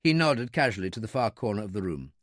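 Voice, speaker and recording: A man narrating a wartime thriller audiobook with an expressive, dramatic reading. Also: on the low side, quick pace, no echo, studio quality. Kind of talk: scripted narration.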